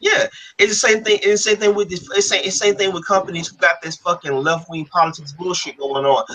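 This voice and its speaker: Man, fast talker, bright forceful voice, heated profane rant, casual podcast. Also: sits high, steady tone, a little hiss or hum, rough recording. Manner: profane, fired-up, quotes others in mock exchanges. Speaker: comic book creator and podcast host.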